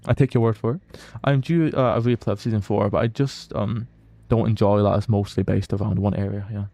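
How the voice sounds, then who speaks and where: A man's voice: on the low side, steady tone, brisk, creaky, dark tone, no room sound. A Scottish man chatting casually with viewers while streaming a game, reading out their comments and often restarting his sentences. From Scotland. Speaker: livestreamer. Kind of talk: casual live gameplay chat.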